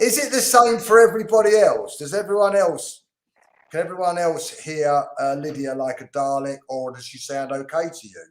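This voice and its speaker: Brief: upbeat British male host, slightly high voice, echoey room, video call. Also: normal speed, a little hiss or hum. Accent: British English. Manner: chatty, upbeat, drops lots of ums. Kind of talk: live online class, greeting viewers.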